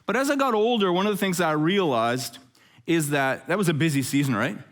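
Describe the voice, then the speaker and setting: A middle-aged man preaching a conversational sermon as pastor, telling stories with jokes and lively asides. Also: fairly high pitch, a little fast. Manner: jokey, animated storytelling with asides.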